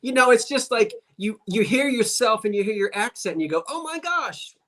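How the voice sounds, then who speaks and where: A man's voice: high-pitched, expressive, fairly quick, fairly bright tone. A man with a South Jersey Delaware Valley accent, chatting and rambling on a video call livestream. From South Jersey, USA. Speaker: guest on livestream. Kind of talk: casual livestream chat.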